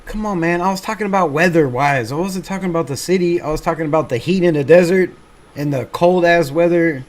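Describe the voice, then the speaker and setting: Guy on a fan livestream, slightly high voice, laid back, reads chat comments, cusses a bit. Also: a little fast. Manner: laid-back, chatty, swears casually, laughs at himself. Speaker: fan channel livestream host.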